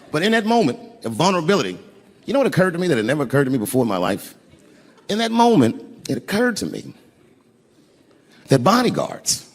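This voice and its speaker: An older man telling a profane, animated stand-up story on an arena stage, acting out voices as the crowd laughs. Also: sits high, fast talker. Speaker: stand-up comedian. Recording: live arena recording with crowd noise. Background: crowd laughing and cheering.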